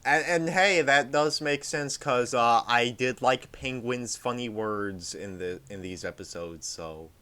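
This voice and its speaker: A man's voice: medium pitch, a little slow, hardly any pauses, bright, forceful tone. A man in casual chat as a podcast guest, agreeable and chiming in with "yeah" a lot. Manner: agreeable, lots of yeahs and restarts.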